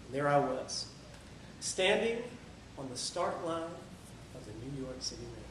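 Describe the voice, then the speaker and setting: A man telling a marathon story as a lively motivational speech at a club meeting. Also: a little high. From Tampa area. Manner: energetic storytelling, sings a few lines. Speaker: public speaker. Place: meeting room. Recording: echoey room from far off, faint noise.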